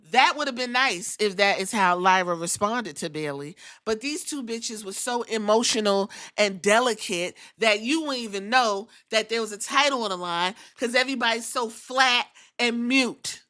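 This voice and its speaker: Sassy, bright-voiced woman podcast host. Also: a little high, moderate pace, few pauses. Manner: profane, sassy, acts out quotes in voices. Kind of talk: casual wrestling recap.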